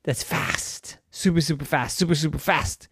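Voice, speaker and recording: A man doing an excitable, insistent little girl. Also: slightly rough, no echo, studio quality. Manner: insistent, excitable, high and quick. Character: fussy girl, eager for an unusual pet.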